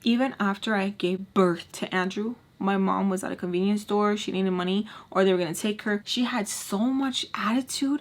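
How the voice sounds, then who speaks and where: Animated young woman telling a story. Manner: animated, swearing, jumps into high exclamations. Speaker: vlogger. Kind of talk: casual storytime while doing makeup.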